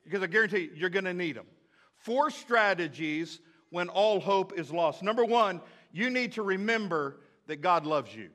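A man preaching a sermon as pastor, repeating key phrases and swinging between loud emphasis and hushed moments. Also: high-pitched, animated, normal speed. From United States.

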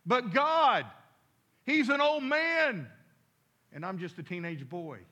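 A man's voice: high-pitched, very animated, moderate pace, bright, forceful tone, full character voice. A preacher voicing an earnest, nervous teenage boy who is a new believer. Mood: protesting. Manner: earnest, eager.

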